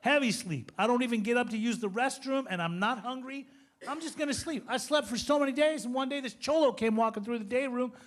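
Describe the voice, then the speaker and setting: A man in his fifties with a notably high voice gives a recovery testimony. He tells his story with animated, joking energy. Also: a little fast. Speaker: recovery speaker.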